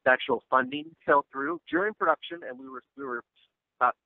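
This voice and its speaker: A man with a medium-pitched, brisk voice discusses his film as an actor and filmmaker guest. The recording is a tinny, dry phone line without echo, and his casual, rambling answers are packed with fillers and restarts.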